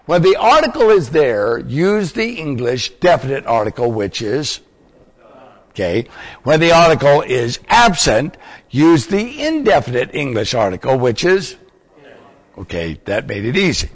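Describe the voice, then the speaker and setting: This older man preaches at an unhurried pace, his medium-pitched voice taking on a sing-song lilt. Teacherly and explanatory, he poses questions to the congregation, and a long hall reverb surrounds him.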